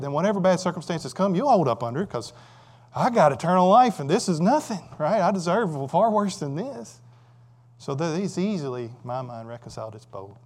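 A male preacher with a mid-range voice delivers a conversational sermon, posing rhetorical questions and alternating between loud, emphatic passages and quiet asides.

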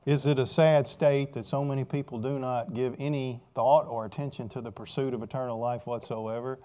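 A man's voice: fairly high pitch, mellow. A man preaching a sermon with emphasis, repeating key phrases and putting questions to his listeners.

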